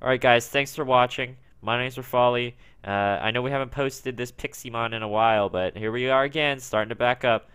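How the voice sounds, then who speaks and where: A young man giving casual gaming commentary, talking to himself as he plays and bursting into yells when things go wrong. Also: medium pitch, fairly quick, few pauses, clear, resonant tone, no room sound. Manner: talks to himself, erupts into yelling when frustrated. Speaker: gaming YouTuber. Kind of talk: let's play commentary.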